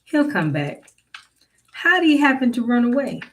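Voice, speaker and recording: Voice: medium pitch, very animated, moderate pace, pitched above the performer's own voice, close to an everyday voice. A narrator voicing a fretful old male landowner who asks alarmed questions in a raised voice. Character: anxious old male plantation master, growing panicked.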